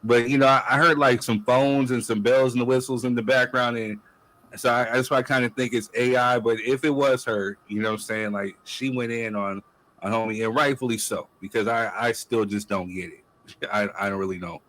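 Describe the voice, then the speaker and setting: A man's voice: medium pitch, fairly even intonation, fairly quick, a bit bright, low-quality recording. Laid-back man hosting a show. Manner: laid-back, loose, repeats "you know what I'm saying". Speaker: podcast host. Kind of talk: casual chat.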